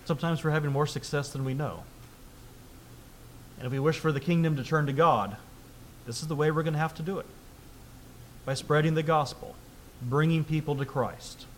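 A man preaching a sermon in a conversational way, asking rhetorical questions and reading scripture aloud more loudly. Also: fairly high pitch, steady tone, normal speed, long pauses, slight background noise. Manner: reads scripture aloud louder.

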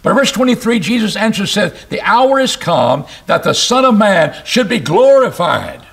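A man preaching an expository sermon, reading scripture aloud and explaining it, with emphatic rises and sudden low drops. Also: normal speed, gravelly. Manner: animated, rising to emphatic bursts and dropping low.

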